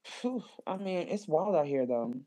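A woman in casual podcast chat, talking in slangy, expressive bursts. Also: sits low, a little slow.

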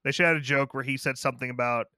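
A man's voice: mid-range voice, steady tone, rapid-fire, bright, forceful tone, dry recording, studio quality. A man co-hosting a podcast, joking and swearing as he chats about a horror movie. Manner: joking, swears, laughs at his own stories. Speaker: podcast co-host. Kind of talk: casual movie review chat.

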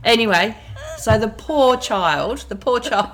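A woman's voice: a little high, lively intonation, unhurried, fairly bright tone. A middle-aged woman, telling a story in casual chat as a podcast guest and laughing her way through it. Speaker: guest, mother of the host.

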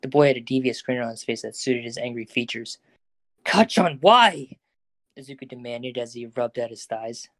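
A man narrates a fan audio drama in a steady, even storytelling voice. His pitch stays mid-range and fairly flat, and the recording is dry and close. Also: a little fast, hardly any pauses, no echo.

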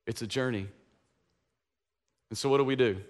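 A man's voice: medium pitch, normal speed. A male pastor from East Tennessee, preaching an Easter sermon with passion and call-and-response. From East Tennessee, USA.

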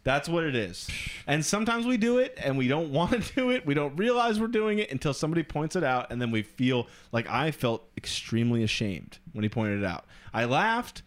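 A man's voice: on the high side, sing-song, brisk. A man co-hosting a podcast, telling a story in a casual, rambling way full of filler words. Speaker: podcast co-host.

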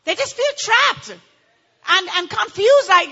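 A woman pastor teaching a church audience about marriage, animated and acting out how people complain. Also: very high voice, slow pace, lo-fi sound.

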